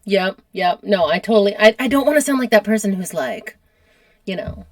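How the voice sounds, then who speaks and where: A woman's voice: mid-range voice, lively intonation, moderate pace, a little mellow. An American woman hosting a podcast, telling history in a casual, chatty way and laughing often. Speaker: podcast host.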